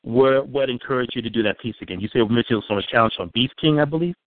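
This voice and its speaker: A man's voice: medium pitch, fast talker, no echo. A man co-hosting a poetry show, chatting casually in an easygoing way and often repeating himself. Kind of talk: casual chat. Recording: tinny phone line.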